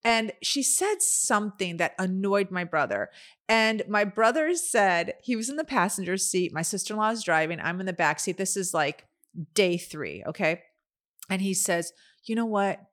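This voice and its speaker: A middle-aged woman in relaxed podcast conversation, her voice sitting at a middle pitch. She tells family stories with energy and slips into the voices of the people she quotes. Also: moderate pace. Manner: animated storyteller, acts out quoted dialogue. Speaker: podcast co-host. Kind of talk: casual storytelling chat.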